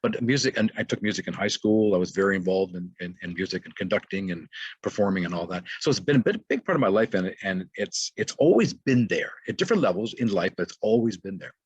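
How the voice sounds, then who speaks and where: A man's voice: low-pitched, lively intonation, fast, slightly rough, dry recording, dull audio. A middle-aged man giving a motivational webinar talk, rambling loosely with many fillers and restarts. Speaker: webinar presenter.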